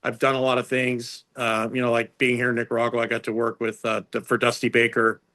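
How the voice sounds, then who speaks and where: A middle-aged man tells stories as an interview guest, loose and chatty, with plenty of "like" and "you know." His voice sits mid-range, and it leaps higher whenever he quotes someone. He keeps restarting his sentences as he goes. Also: fairly quick. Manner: animated storyteller, jumps into higher voices for quotes; many fillers and restarts. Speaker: strength and conditioning coach, guest. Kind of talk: casual storytelling.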